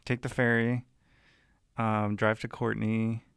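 A man's voice: lowish voice, flat delivery, measured pace, gravelly, smooth, no echo, clean studio sound. A man co-hosting a casual radio chat, laid-back and rambling, with frequent use of "like".

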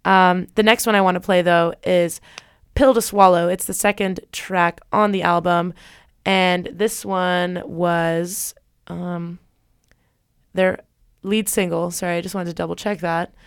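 A woman's voice: fairly low pitch, steady tone, unhurried, clear, resonant tone, dry recording, studio quality. A young woman hosting a radio music show, chatting casually and rambling with many fillers and restarts. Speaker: radio host.

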